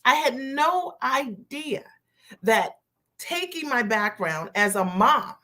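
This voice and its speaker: A woman business coach hosting a live stream, greeting viewers by name and repeating her key phrases slowly for emphasis. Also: high-pitched, very animated, bright, forceful tone.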